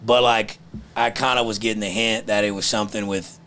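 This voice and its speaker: A man with a gravelly voice, telling stories in profane, drawling casual chat as a comedian guest. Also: on the low side, fairly even intonation, brisk, a bit bright.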